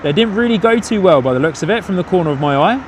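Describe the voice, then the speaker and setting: A man hosting a live plane-spotting stream outdoors, chatty and quick to exclaim. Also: sits high, expressive, a little hiss or hum. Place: outdoors by an airport.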